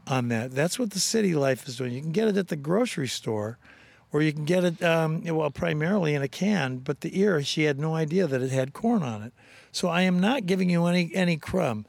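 A man co-hosting a casual on-site interview outdoors on a pumpkin farm, an animated and jokey storyteller. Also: on the high side, fairly quick, vocal fry, dry recording. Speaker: podcast co-host.

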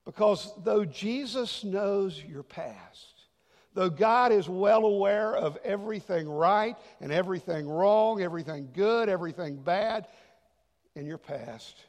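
A male pastor delivers a sermon with a high voice. He drives points home loudly, then drops to a hushed near-whisper. The long reverb of a big church hall trails every phrase. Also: a little slow. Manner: dynamic preaching, swings from loud emphasis to hushed near-whisper.

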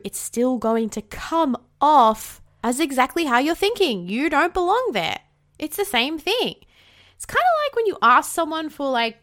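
A woman's voice: a little high, a bit bright. An Australian woman hosting a casual solo podcast, bubbly and outspoken, swearing freely, with rising inflections at the ends of her sentences. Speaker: podcast host.

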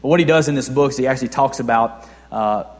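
A young adult pastor preaches a sermon at a fast pace in a medium-pitched voice, keeping it conversational with rhetorical questions. He swings between soft and loud, and the recording carries the long reverb of a large hall.

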